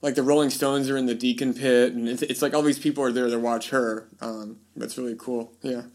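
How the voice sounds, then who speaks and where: A male podcast host at an average pitch, talking in a loose, rambling way. He restarts sentences often and slips into voices when he quotes people. It is an easygoing, casual conversation. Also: steady tone, brisk, darkish tone. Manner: rambling storyteller, many fillers and restarts. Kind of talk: casual chat.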